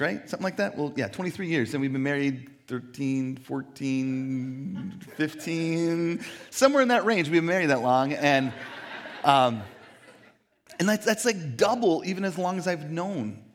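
A man in his thirties preaching a sermon in an animated, joking, self-deprecating way. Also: a little high. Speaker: pastor.

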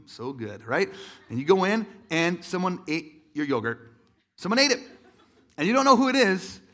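Man, pastor, casual sermon, bright forceful voice, slightly high pitch, joking, self-deprecating. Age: adult, married father. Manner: chatty and self-deprecating, jokes with fillers.

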